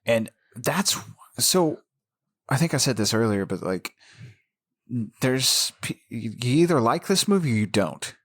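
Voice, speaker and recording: A man's voice: mid-range voice, very animated, measured pace, fairly bright tone, husky, dry recording, clean studio sound. A man hosting a casual movie podcast, laid-back and giggly, who swears freely as he chats. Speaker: podcast host. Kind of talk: casual chat.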